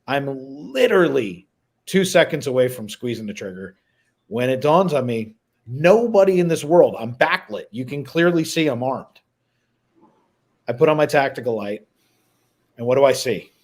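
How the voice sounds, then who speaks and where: Man, middle-aged, stream host, animated storyteller, acts out voices, mid pitch.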